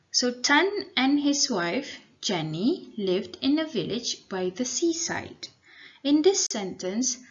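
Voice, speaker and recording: A woman's voice: mid-range voice, fairly bright tone, highs cut off. A woman teacher with a Malaysian accent giving a recorded English lesson to children, explaining patiently and mixing in Malay words. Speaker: primary school English teacher.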